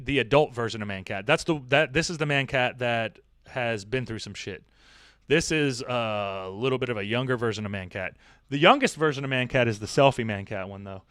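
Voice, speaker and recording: A man with a bright, forceful voice rambles through casual livestream chat. He repeats himself and swears offhandedly. The sound is dry and close. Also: mid-range voice, smooth, no room sound. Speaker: livestream host.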